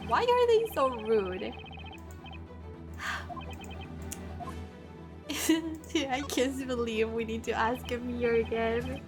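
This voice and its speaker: Woman streamer, casual game commentary, high voice, game music behind. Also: lively intonation, drawn-out words, pauses often. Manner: chatty, reacts with laughter.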